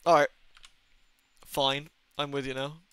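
A man's voice: mid-range voice, flat delivery, a little slow, a bit bright, clean tone, no echo. A young man streaming a game live, rambling to chat with lots of swearing and exasperated asides. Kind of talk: casual live-stream chat while gaming.

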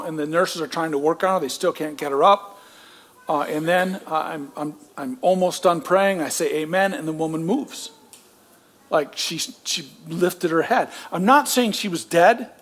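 A man who is a pastor, telling a story in a sermon in a casual, self-deprecating way with joking asides. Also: a little high. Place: church.

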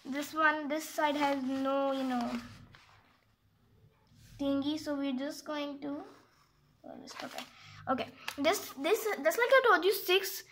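High bright lady walking thru a geometry problem, rambly, keeps saying sorry and fixing herself. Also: measured pace, slight background noise. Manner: rambling, apologetic, often corrects herself. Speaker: math tutorial maker. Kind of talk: casual step-by-step geometry walkthrough.

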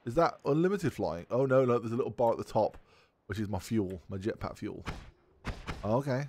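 A man giving casual let's play commentary while thinking aloud, excitable and swearing often. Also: fairly low pitch, moderate pace, slight background noise. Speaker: gaming video creator.

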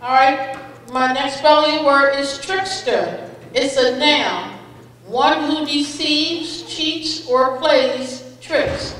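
A woman's voice: high-pitched, very slow, a bit bright, slight background noise. A woman running a spelling bee, patiently reading out each word with its definition and an example sentence, and encouraging each speller as a friend. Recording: echoey hall, voice far from the mic.

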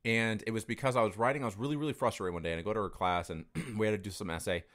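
A man's voice: lowish voice, racing, a bit bright. A young adult man in casual conversation, talking candidly and rambling, swearing freely as he tells stories.

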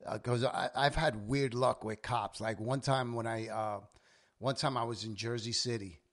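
Swearing New dad telling stories. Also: male voice, mid-range voice, normal speed. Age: 40s. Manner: swears often, animated storyteller. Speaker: podcast host. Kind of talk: casual chat.

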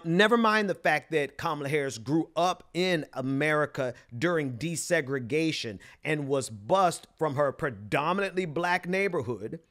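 A man from Mississippi with a softened Southern accent, hosting political commentary in an emphatic, scornful way with frequent restarts. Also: a little high.

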